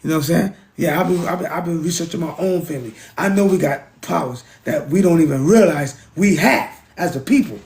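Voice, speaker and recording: A man's voice: fairly high pitch, fairly quick, hardly any pauses, darkish tone. A middle-aged man from the United States, ranting in a casual monologue, emphatic, preachy and repetitive, with frequent profanity. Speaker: vlogger.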